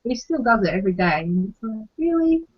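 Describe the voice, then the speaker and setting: A young Australian woman in relaxed podcast chat, rattling through everyday stories with exasperated asides and casual swearing. Her voice sits at an ordinary middle pitch. The recording is slightly dull and lo-fi. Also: fast talker, slightly rough. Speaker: podcast co-host. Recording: slightly muffled lo-fi audio.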